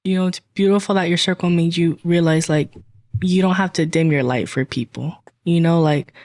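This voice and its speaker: A woman co-hosting a podcast, speaking casually and warmly, affirming her guest with frequent "like" and "you know.". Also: fairly low pitch, fairly even intonation, normal speed. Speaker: co-host. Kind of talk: reflective podcast conversation.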